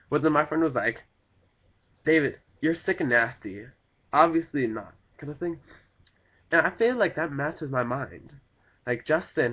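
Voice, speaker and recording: Young man, sick with a cold, casual vlog at home, rambling with fillers, mid-pitched, muffled lo-fi sound. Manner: rambling, full of "like" and "kinda thing" fillers. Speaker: vlogger. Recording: dull lo-fi home recording.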